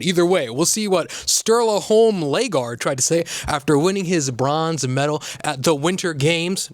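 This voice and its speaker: A man's voice: a little high, expressive, normal speed, no room sound. A man hosting a casual comedic commentary, sarcastic and full of rambling asides. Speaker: host.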